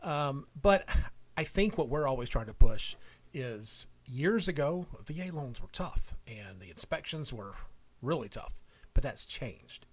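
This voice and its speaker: A man's voice: medium pitch, husky. A man, a mortgage professional guest, talking in a plainspoken, matter-of-fact way. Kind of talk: casual talk show chat.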